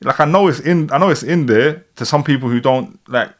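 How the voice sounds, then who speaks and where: A man in his thirties with a London accent, hosting a casual live stream, reacting to a song and reading out viewer comments in a relaxed, rambling way. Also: mid-range voice, a little fast. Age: 30s. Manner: relaxed, rambling, keeps saying "do you know what I'm saying". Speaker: livestream host.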